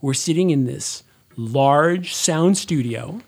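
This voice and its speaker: A man's voice: on the high side, takes it slowly, darkish tone. A man co-hosting a frank, joking podcast in a large sound studio, talking into an old-school mic and teasing his co-host. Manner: playful, teasing, reads listener letters aloud. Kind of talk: casual chat.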